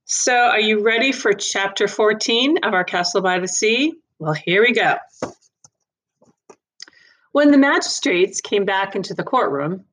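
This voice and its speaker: Woman storyteller, read-aloud narration, expressive, lively pitch. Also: breathy edge. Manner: expressive, friendly greeting to listeners. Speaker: storyteller reading a novel aloud.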